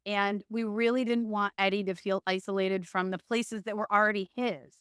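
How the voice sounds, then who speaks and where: Woman, animated storyteller, smooth clear voice, dry close sound. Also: mid-range voice, normal speed, dry recording. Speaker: podcast guest. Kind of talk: storytelling in a casual interview.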